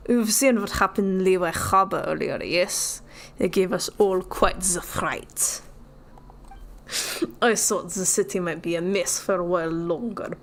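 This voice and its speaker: A woman's voice: fairly low pitch, lightly acted. A woman voicing a weary male merchant buried in paperwork, reading his lines in a fake Russian accent with formal, polite manners. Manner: put-upon, formal and polite.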